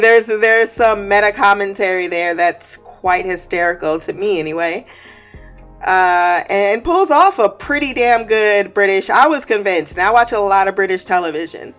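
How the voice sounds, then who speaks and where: Woman reviewer, mid-pitched, casual and wry, sarcastic asides, faint music bed. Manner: chatty and wry, with filler words and restarts; sarcastic asides and frequent laughs. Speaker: TV episode reviewer.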